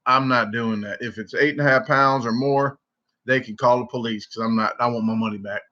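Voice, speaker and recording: A man's voice: medium pitch, fairly quick. A man with a Southern US accent telling a rambling story casually on a livestream, with many restarts. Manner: rambling, repeats and restarts, animated when quoting. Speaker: livestream host. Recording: dull lo-fi livestream audio.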